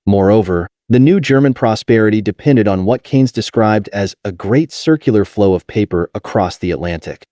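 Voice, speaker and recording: A man reading a nonfiction history audiobook in a measured, steady way, with deliberate pauses. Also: lowish voice, dry recording, studio quality. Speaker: audiobook narrator. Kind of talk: scripted nonfiction narration.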